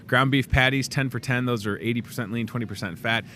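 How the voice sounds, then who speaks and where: A man hosts a relaxed in-store show at a grocery store, chatting loosely and cracking jokes as he goes over the week's deals. He talks quickly, his pitch swings around energetically, and he tosses in joking asides during this casual promo chat. There's a little background noise.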